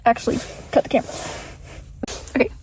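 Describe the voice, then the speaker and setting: A woman's voice: fast talker, darkish tone, slight background noise. A young adult woman chatting casually in a reading vlog, rambling and earnest, often breaking into laughter as she talks about books. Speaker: book vlogger.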